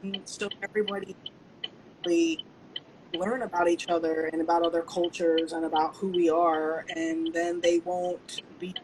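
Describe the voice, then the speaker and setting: A woman's voice: lowish voice, little pitch movement, moderate pace, background noise. A woman, host and founder of the show, talks earnestly and at length about respect and awareness. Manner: earnest, rambling advocacy talk. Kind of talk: casual interview chat.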